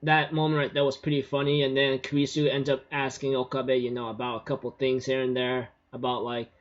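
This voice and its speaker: A man's voice: medium pitch, level tone, a little fast. A man giving a casual, rambling anime episode recap, laughing often and filling his talk with "you know". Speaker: anime reviewer. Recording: muffled lo-fi recording.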